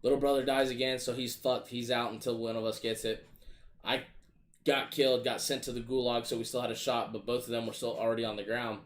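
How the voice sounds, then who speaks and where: A man casually telling gaming stories in a profane, animated, exasperated way. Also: medium pitch, a little fast. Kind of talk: casual storytelling chat.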